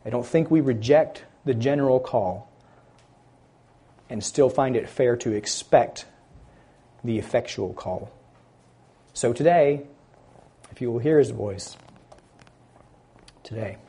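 A man preaching a sermon, building loud on key words and dropping quiet at the ends of phrases, stressing scripture slowly. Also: medium pitch, breathy edge. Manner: slow, deliberate emphasis on scripture phrases.

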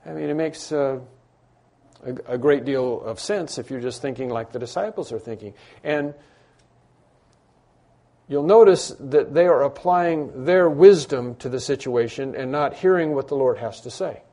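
A man's voice: medium pitch, a little slow, dark tone. A man preaching a sermon to a congregation, emphatic and repetitive, acting out imagined dialogue. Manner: emphatic, repeats key phrases, acts out imagined dialogue. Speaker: pastor. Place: church room with congregation.

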